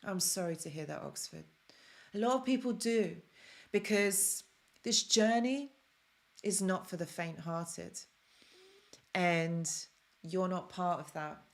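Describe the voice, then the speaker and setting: A woman's voice: on the low side, slow pace, long pauses. A woman hosting a live-stream self-help talk, speaking earnestly and emotionally and repeating phrases for emphasis.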